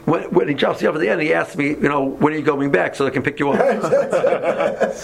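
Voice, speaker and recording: A man teaching a class, telling a story in an animated way, acting out the dialogue with many restarts. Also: on the high side, fairly quick, gravelly, slight background noise. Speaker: Torah teacher.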